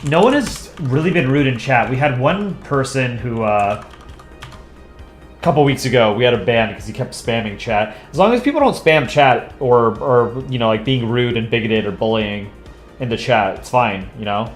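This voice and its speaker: Relaxed young man chatting while drawing. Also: mid-range voice, normal speed, faint music behind. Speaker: streamer drawing live. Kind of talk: casual livestream chat.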